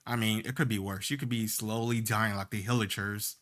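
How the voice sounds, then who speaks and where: A man's voice: on the low side, fairly even intonation, a little fast, a bit bright. A young man hosting a casual let's play, reading story text with jokey asides. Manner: jokey asides between read lines.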